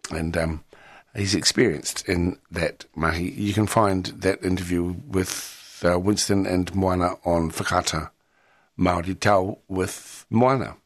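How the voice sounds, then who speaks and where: A man with a New Zealand accent, hosting a radio show, asking measured questions with some fillers. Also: deep voice, fairly even intonation, no echo. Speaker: radio host. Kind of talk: radio interview and links. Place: radio studio.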